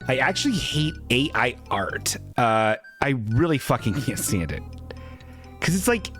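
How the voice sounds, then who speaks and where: A man co-hosting a comedy podcast, ranting profanely and spinning absurd deadpan stories. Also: mid-range voice, unhurried, soft background music. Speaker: podcast co-host.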